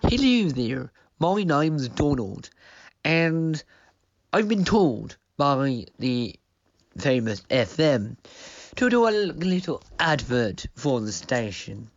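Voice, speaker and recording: A man voicing a chatty presenter called Donald in a comic radio sketch, soft and meandering. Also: mid-range voice, sing-song, takes it slowly, highs cut off. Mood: rambling.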